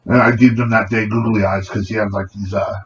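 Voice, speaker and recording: Male podcast co-host, casual and profane, mid pitch, dull lo-fi audio with light hiss. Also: brisk. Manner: profane, animated retelling with acted quotes. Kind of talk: casual storytelling.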